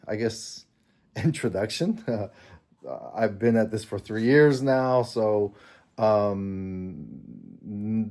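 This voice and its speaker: A man's voice: fairly low pitch, warm tone. Chuckling Mexican-born man in his fifties. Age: 50s. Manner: rambling, chuckling, self-deprecating. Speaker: vlogger. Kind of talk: casual personal vlog.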